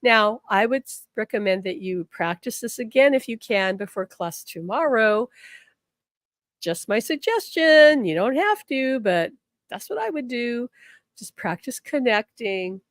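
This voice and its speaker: A woman teaching a live spiritual class, encouraging and animated, acting out the people she quotes in her stories. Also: medium pitch, dry recording, clean studio sound. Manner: animated storytelling, quotes people in changing voices; encouraging, repeats affirmations.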